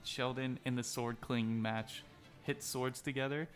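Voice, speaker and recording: A man's voice: medium pitch, fairly even intonation, measured pace. A man narrating a tabletop game as game master, in a casual, crude, rambling way. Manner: casual, crude, filler-heavy. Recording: faint music behind.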